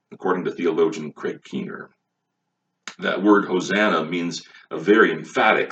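A man's voice: on the low side, expressive, moderate pace, a bit bright. A man preaching a sermon, emphatic and full of rhetorical questions, recorded on a distant mic with a dull, lo-fi sound. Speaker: pastor.

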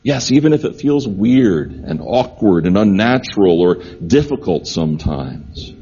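Man preaching earnestly, mellow husky voice. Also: fairly low pitch, muffled recording. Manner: earnest preaching, repeats phrases for emphasis. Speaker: pastor. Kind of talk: sermon.

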